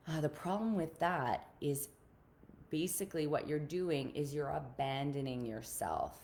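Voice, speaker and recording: Low-voiced woman coach, earnest. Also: lively intonation, moderate pace. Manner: earnest and encouraging, repeats key points. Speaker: relationship coach. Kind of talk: casual live-stream talk to a group.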